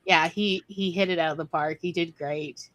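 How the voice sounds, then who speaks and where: A woman's voice: lowish voice, fairly even intonation, moderate pace, a bit bright, dry recording, rough recording. A woman hosting a casual chat, talking eagerly with lots of fillers. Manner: chatty, enthusiastic, many fillers. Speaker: host, writer.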